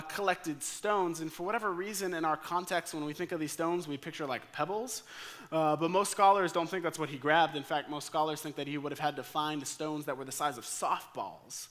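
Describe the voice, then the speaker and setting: A young man preaching a sermon as staff pastor, telling the story in an animated way and acting out the characters' thoughts and lines. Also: a little high.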